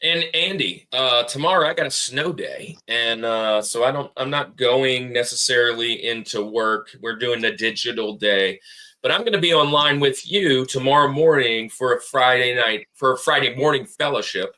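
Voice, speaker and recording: A man's voice: medium pitch, normal speed, sharp tone. A man co-hosting a casual podcast, rambling and laughing as he tells stories. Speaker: podcast co-host.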